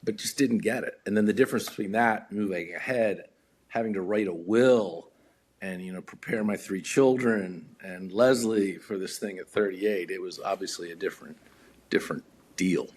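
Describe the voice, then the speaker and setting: Brief: low, husky male podcast guest, a lively storyteller who acts out the voices. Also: moderate pace. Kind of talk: casual storytelling.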